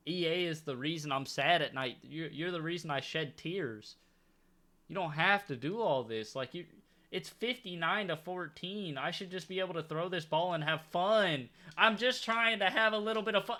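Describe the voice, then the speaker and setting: A man's voice: on the high side, expressive, normal speed, sharp tone. A young man commenting on his own football video game, complaining and begging in a comically exasperated way. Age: young adult. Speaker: gaming YouTuber.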